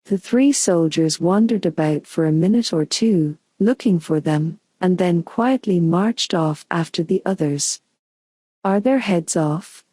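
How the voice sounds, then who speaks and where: Slow, soothing woman narrator. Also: on the low side, husky, no echo. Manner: calm, soothing and unhurried. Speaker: audiobook narrator. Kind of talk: soothing bedtime story narration.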